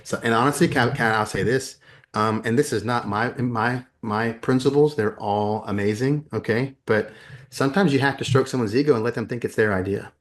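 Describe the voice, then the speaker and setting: A man's voice: medium pitch, moderate pace. A man talking as a guest in a conversational interview, emphatic and often repeating words as he builds his points. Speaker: podcast guest, educator.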